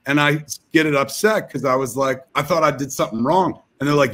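A man's voice: medium pitch, a little fast, fairly bright tone. A man telling a rambling, profane comic story over a video call.

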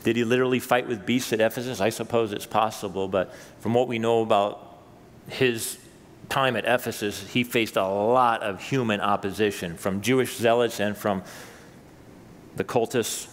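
A man, a pastor, preaching a sermon with lively rises when he reads scripture and chatty asides to his listeners. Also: fairly low pitch, normal speed, big-room sound, a little hiss or hum. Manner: animated preaching, voice rising for quoted scripture; conversational asides to the congregation. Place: church sanctuary.

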